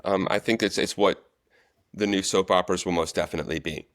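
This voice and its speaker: A man telling set stories as a guest, relaxed and chatty in a casual interview. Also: low-pitched, brisk, dry recording, clean studio sound. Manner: animated storyteller, relaxed and chatty. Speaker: guest, actor and stunt coordinator.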